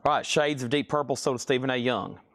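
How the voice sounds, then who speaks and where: A man's voice: medium pitch, fast talker, vocal fry, a bit bright, no echo, clean studio sound. A man hosting a live vinyl record sale, chatting casually and rambling between sales. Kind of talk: casual live-stream selling.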